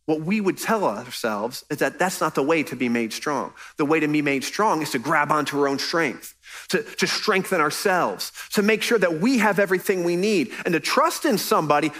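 A man's voice: a little high, expressive, moderate pace, a bit bright. A man preaching a sermon as pastor, earnest and conversational, pressing his points with emphasis.

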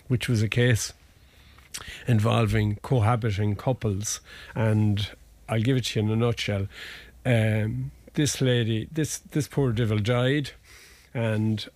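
A man's voice: medium pitch, darkish tone, dry recording. A man, a family law solicitor, explaining cases in a rambling, anecdotal way during a conversational interview.

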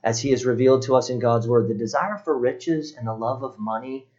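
A man preaching a sermon as pastor, earnest and steady, often sinking low and quiet on solemn points. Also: a little fast, dull audio.

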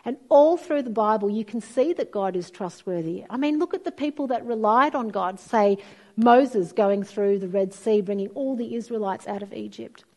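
A woman's voice: medium pitch, normal speed. A middle-aged woman, preaching a sermon and telling stories expressively. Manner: storytelling, expressive, acts out quoted voices.

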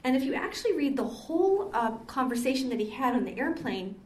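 With a high-pitched, sing-song delivery and a darkish tone, an older woman who is a Catholic sister talks briskly. She tells anecdotes in a chatty conversational lecture, peppered with ums. The sound is echoey, captured in a meeting hall with the mic well away from her.

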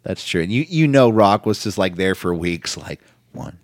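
A man co-hosting a casual chat, wandering through retellings with plenty of fillers. His voice sits on the low side. The sound is close and dry. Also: moderate pace, no echo. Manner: rambling, filler-heavy, animated retelling. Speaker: podcast co-host.

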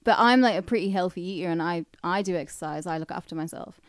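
A woman's voice: on the low side, fast, clear, resonant tone, dry recording, clean studio sound. A woman from northern England with a northern English accent, co-hosting a podcast in a giggly, blunt, crude chat. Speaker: podcast co-host.

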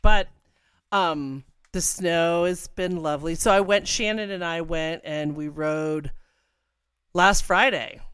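A woman in casual chat, telling a lively story and laughing often. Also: fairly low pitch, takes it slowly, clear, resonant tone, no echo.

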